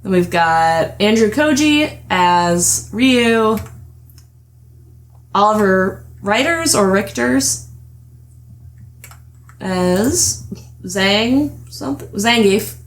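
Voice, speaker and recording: A woman's voice: mid-range voice, lively intonation, drawn-out words, long pauses. A young adult woman hosting a casual podcast chat, chatty and giggling often as she trails off and restarts her thoughts. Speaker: podcast host.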